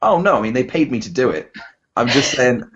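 A man's voice: mid-range voice, sing-song, brisk, fairly bright tone, slightly rough, dull audio. A man with a Bristol English accent, hosting a casual podcast chat, rambling and self-deprecating with lots of fillers and restarts. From England. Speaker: podcast host.

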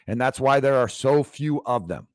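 A man's voice: medium pitch, animated, normal speed, no room sound, clean studio sound. A man in his fifties hosting a leadership podcast, talking in an emphatic motivational monologue that repeats key phrases for effect. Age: 50s. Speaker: leadership coach, podcast host.

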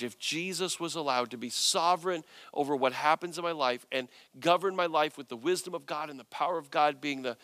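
Animated, bright-voiced male preacher. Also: on the high side, no echo. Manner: animated storytelling, voices quotes with rising intensity. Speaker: pastor. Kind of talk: sermon.

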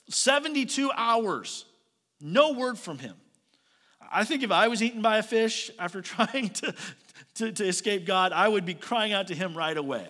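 Male pastor delivering an earnest sermon, tense and bright timbre, reverberant church room. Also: on the high side. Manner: earnest preaching, swinging between loud emphasis and quiet asides.

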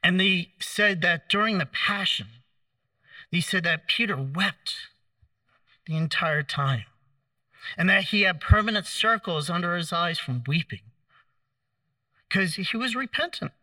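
A man preaching a sermon, telling the story in a conversational way, acting out the quoted lines with gentle humor. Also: sits high, expressive, a little slow, pauses often, no echo, recorded from a distance.

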